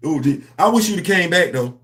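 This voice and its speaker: A man with hosting a comics livestream, talking to his chat in an animated, preachy, slangy way. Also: fairly high pitch, a little fast. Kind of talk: casual livestream commentary.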